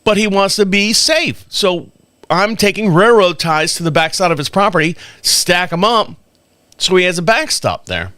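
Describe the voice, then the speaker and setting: This podcast host tells stories on a live stream in a loose, animated way, chuckling as he performs the dialogue. He speaks at a moderate pace in a high-pitched voice, recorded dry.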